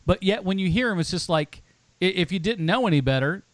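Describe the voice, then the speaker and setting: Podcast guy, high voice that swings all over, rambly, dry mic. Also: animated, fairly quick, no echo. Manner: rambling, lots of fillers. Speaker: podcast co-host. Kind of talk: casual chat.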